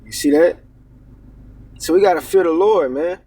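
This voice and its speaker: A man's voice: a little high, moderate pace, mellow, husky, far from the mic. A man teaching scripture in a casual sermon, reading verses aloud and commenting with "man" and "all right?". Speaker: preacher.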